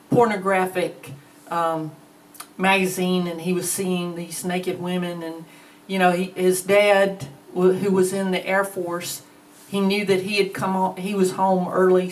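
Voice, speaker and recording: A woman's voice: on the low side, distant mic, a little hiss or hum, rough recording. A woman teaching a Bible lesson in a plainspoken, conversational way. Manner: slow, plainspoken, conversational with fillers.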